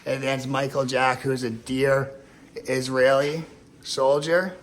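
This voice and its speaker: Alone in front of the camera, a male vlogger rambles through an emotional, profane monologue, circling back over the same points. He speaks slowly, at medium pitch, in a level tone.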